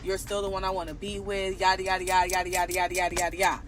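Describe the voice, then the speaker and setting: A woman quoting her apologetic, defensive husband in a casual storytime, in a slightly lower, softer voice. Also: little pitch movement, racing, soft background music, lightly acted. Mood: pleading. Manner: pleading, defensive. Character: apologetic young husband caught out.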